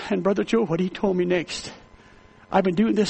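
High-voiced, gravelly man preaching a testimony. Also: steady tone, normal speed, warm tone. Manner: fervent, emotional storytelling with repeated phrases. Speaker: prison minister. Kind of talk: testimony sermon.

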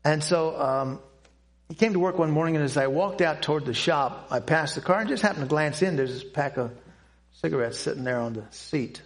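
An older man telling a personal testimony to a church audience, speaking in an earnest, halting way with pauses and restarts. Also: fairly high pitch. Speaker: Christian speaker giving a testimony.

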